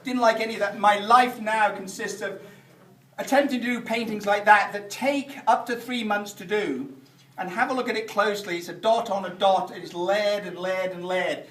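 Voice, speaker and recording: A middle-aged Englishman with a high voice gives a humorous after-dinner speech at normal speed, animatedly telling stories and shouting punchlines amid the audience's laughter. He's in a function hall, and the recording is noisy and echoey from a distant mic.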